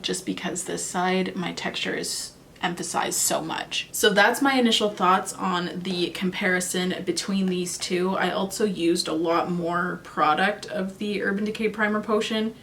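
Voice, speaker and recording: A woman's voice: on the low side, unhurried, vocal fry, fairly bright tone, a little hiss or hum. A young woman chatting casually in a makeup review vlog, thinking aloud and second-guessing herself. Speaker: beauty vlogger.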